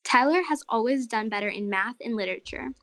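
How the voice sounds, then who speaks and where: A woman's voice: on the high side, quick pace, dry recording. Woman narrating a children's story. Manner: expressive, friendly storytelling. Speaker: narrator and segment host.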